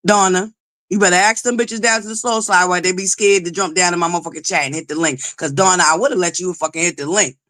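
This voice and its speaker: A loud, belligerent woman hosting a live chat stream. Her voice is bright and forceful. She curses constantly, greets viewers by name and keeps demanding likes. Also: on the low side, steady tone, fast talker. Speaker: livestream host. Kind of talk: profane live-chat commentary.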